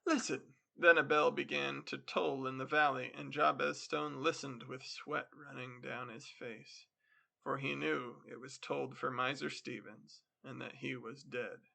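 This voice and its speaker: A man hosting a podcast, reading a classic story aloud in a steady storytelling manner. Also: medium pitch, a little slow, vocal fry. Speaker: podcast host and story reader. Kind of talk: literary reading.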